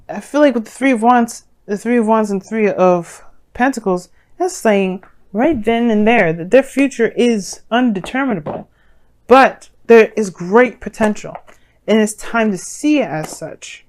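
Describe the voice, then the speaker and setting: A woman giving a casual tarot reading to her viewers, rambling and sassy with lots of fillers, her voice a little hoarse and croaky. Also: fairly high pitch, expressive, measured pace, darkish tone. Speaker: tarot reader.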